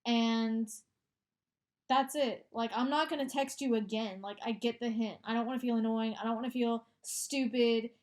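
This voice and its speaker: A woman's voice: on the high side, fairly even intonation, moderate pace, a little mellow. A woman co-hosting a casual podcast chat, blunt and swearing as she gives her take. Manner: supportive interjections, blunt swearing. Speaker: podcast co-host.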